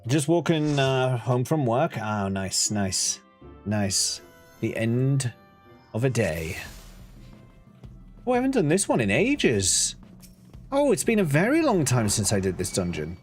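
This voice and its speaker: A man's voice: medium pitch, huge pitch swings, a little slow, long pauses, soft background music. A man streaming a video game, chatting casually, reading out and answering chat with playful asides. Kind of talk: casual live-stream chat while gaming.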